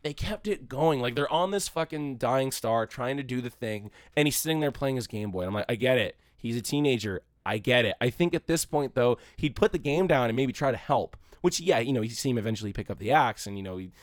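A man's voice: medium pitch, expressive, brisk, hardly any pauses, no room sound, studio quality. A man co-hosting a podcast, talking casually about a movie in a rambling, profane way and mocking scenes by quoting them. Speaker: podcast co-host. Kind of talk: casual movie review chat.

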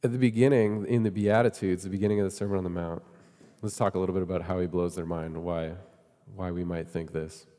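A man's voice: sits low, fairly even intonation, fast talker, dark tone, in a large hall. A man preaching a sermon in a conversational way, often asking his listeners questions. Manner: conversational, asks the congregation questions. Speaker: pastor.

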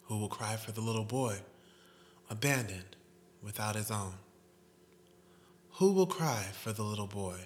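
A man acting out a gentle middle-aged male psychiatrist who reads a poem aloud to his patient. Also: fairly low pitch, expressive, measured pace, long pauses, a little hiss or hum.

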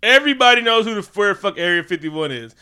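A man's voice: high-pitched, expressive, quick pace, sharp tone, smooth. A man co-hosting a casual movie review chat, profane and joking, acting out scenes in silly voices. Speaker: podcast co-host.

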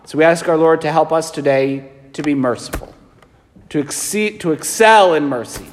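A man, a priest, preaching a sermon in an animated, emphatic way, asking his listeners rhetorical questions. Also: fairly high pitch, normal speed, a little hiss or hum. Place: large church. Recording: long church reverb.

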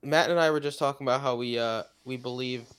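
A man's voice: mid-range voice, fairly even intonation, fast talker, a bit bright, clear, resonant tone. A man co-hosting a fantasy football podcast, running through stats and teasing his co-host. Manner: teasing, stat-driven. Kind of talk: casual fantasy football analysis.

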